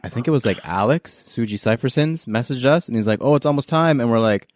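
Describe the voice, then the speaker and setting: A man's voice: mid-range voice, animated, fast, darkish tone, no echo, studio quality. A man hosting a casual sneaker podcast, joking around and laughing easily with his co-hosts. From Canada. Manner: laid-back, jokey, laughs often. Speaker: podcast host. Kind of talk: casual chat.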